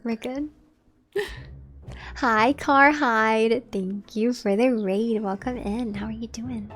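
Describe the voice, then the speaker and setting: A woman's voice: on the high side, slow pace, a bit bright, soft background music. A woman live-streaming a game, chatting casually and directly with her viewers. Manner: chatty, talks straight to her chat.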